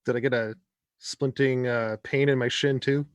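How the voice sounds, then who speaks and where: A man's voice: mid-range voice, fairly even intonation, smooth, no echo. Laid-back man playing a tabletop game. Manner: laid-back, drawn-out, searching for words. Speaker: player. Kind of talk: casual tabletop game play.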